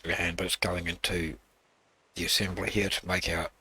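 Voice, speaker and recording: A man with a very deep voice hosts a gaming channel, talking his way through a build. His tone is husky yet bright, and he rambles with halting pauses and filler words. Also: flat delivery, dry recording. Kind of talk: casual gameplay walkthrough.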